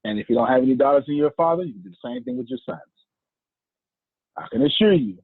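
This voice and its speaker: A man with a gravelly, husky voice who teaches like a preacher, leaning hard on repetition and drawing key phrases out slowly. His pitch swings widely from line to line. The sound is dry and tinny, as if coming through a phone. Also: sing-song, no room sound. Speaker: teacher leading an online class.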